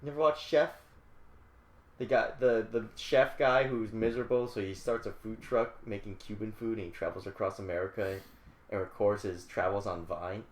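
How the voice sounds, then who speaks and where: A man co-hosting a podcast, teasing and swearing in animated casual banter. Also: lowish voice, normal speed. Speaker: podcast co-host. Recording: echoey room.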